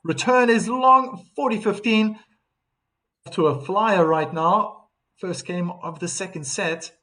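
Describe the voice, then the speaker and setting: Man, high voice, live tennis stream commentary, chatty, reads viewer shout-outs. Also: slow pace.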